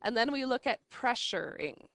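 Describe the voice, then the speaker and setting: A woman's voice: on the high side, lively intonation, fairly bright tone. A woman teaching an English lesson, explaining patiently and checking in often with the class. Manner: patient, slow, checks in with "right?".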